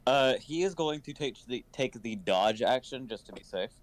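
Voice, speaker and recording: A man playing a tabletop game, calmly describing his character's moves. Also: mid-range voice, normal speed, no room sound. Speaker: player.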